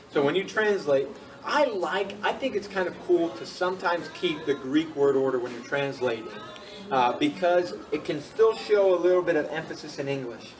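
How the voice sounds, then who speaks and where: A man's voice: a little high, recorded from a distance, low-quality recording. A man teaching Greek grammar to a class, patient and repeating key points as he checks in with students.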